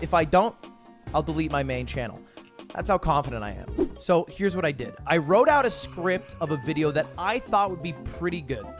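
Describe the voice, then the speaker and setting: A man narrating his own vlog with confident, energetic delivery, heard as a clip played on a livestream. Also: on the high side. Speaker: YouTuber explaining his channel challenge.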